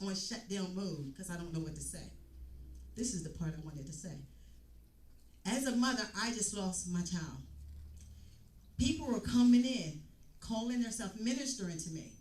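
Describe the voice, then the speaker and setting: A woman's voice: medium pitch, darkish tone. A woman giving an emotional church testimony, telling her story with repeated phrases. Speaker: testimony speaker. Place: church hall. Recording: echoey room, mic at a distance.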